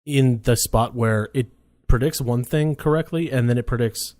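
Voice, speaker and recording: A man's voice: medium pitch, normal speed, darkish tone, no echo, clean studio sound. A man co-hosting a casual movie podcast, laid-back, swearing freely and laughing often. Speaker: podcast co-host. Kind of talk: casual chat.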